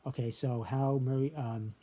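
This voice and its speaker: With a dark-toned, medium-pitched voice, a man teaches a memory trick for his video in a casual screen-share lesson, going step by step at a moderate pace. His intonation stays fairly even as he counts syllables aloud and adds "okay" to nearly every phrase.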